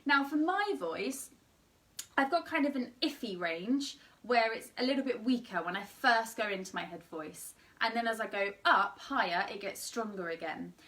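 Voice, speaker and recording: A woman's voice: on the high side, animated, normal speed, fairly bright tone, recorded from a distance. A young woman teaching an online singing lesson with a slightly tired voice, explaining and demonstrating sung vowels.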